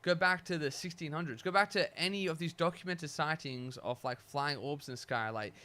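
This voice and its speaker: A man's voice: a little high, fairly quick, sharp tone. A man co-hosting a podcast in casual chat, musing aloud, asking questions and agreeing readily. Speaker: podcast co-host.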